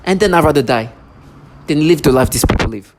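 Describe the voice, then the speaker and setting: A man's voice: a little high, expressive, a little fast. A man in an angry vlog monologue, ranting and agitated, stumbling over restarts. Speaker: vlogger. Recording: noisy recording.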